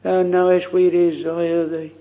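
With a mellow voice a touch higher than the typical man's, a minister prays from the pulpit in archaic, formal wording. He sounds earnest and pleading yet speaks slowly and evenly, without rise or fall, in a lo-fi recording that rings with long church-hall reverb.

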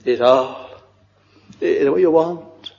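An older man preaching a sermon with fervent, halting delivery and sing-song rises on scripture. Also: a little high, creaky, a little mellow. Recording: dull, echoey old church recording.

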